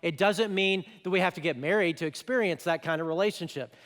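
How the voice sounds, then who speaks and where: A man preaching to a church in a conversational, animated way, breaking into little voiced asides. His voice sits fairly high for a man. The sound carries the long reverb of a large church auditorium. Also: fast. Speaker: pastor. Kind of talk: sermon.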